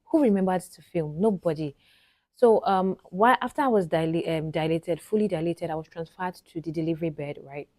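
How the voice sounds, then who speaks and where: Nigerian woman vlogger, chatty and low. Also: brisk, a little mellow, no echo. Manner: chatty, frequently addresses viewers directly. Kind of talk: casual storytelling to camera.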